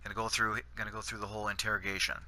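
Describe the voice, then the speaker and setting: A man's voice: fairly low pitch, flat delivery, rapid-fire, sharp tone, a little hiss or hum. A Canadian man giving rambling gameplay commentary, full of fillers and restarts. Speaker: gaming channel host.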